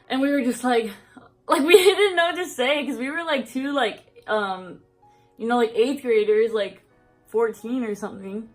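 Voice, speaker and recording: A young woman in her vlog, talking in a somewhat high voice and rambling from one story to the next. She peppers every sentence with "like" and breaks into laughs as she goes. Faint music sits under her voice. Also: normal speed. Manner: rambling, fills speech with "like", laughs often. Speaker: vlogger. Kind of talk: casual storytime chat.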